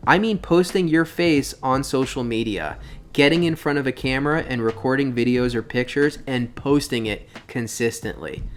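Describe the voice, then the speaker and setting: A middle-aged man speaking straight to camera, giving blunt career advice in an emphatic, lecturing way, asking rhetorical questions and stressing key points. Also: mid-range voice. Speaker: real estate team leader. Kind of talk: direct-to-camera advice talk.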